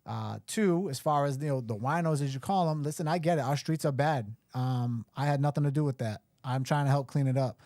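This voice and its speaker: A man's voice: mid-range voice, a little fast, few pauses, a little mellow, no room sound, studio quality. A man running for mayor, talking bluntly and emphatically on a live show. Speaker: mayoral candidate guest.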